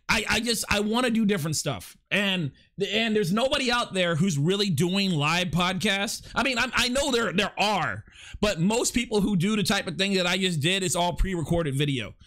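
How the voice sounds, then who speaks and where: His voice sits high and sounds a bit bright. The speaker is a young man running his first live podcast and stream, chatting loosely and rambling, with stammers as he reads and answers the viewers' chat.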